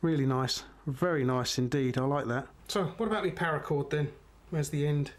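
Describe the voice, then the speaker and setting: A man's voice: on the high side, normal speed. A middle-aged man, chatting unhurriedly to viewers as he reviews a knife. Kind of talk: casual product review.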